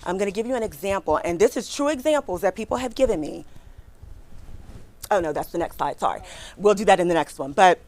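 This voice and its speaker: In a mid-range voice, a middle-aged recruiter hosts a spirited career workshop, chatting fast and asking her listeners questions.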